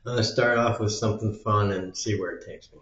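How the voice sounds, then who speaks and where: An American man musing aloud in a slow, meandering solo monologue, trailing off into fillers. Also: lowish voice, steady tone, fairly bright tone. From United States. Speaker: vlogger. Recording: dull lo-fi sound in an echoey room.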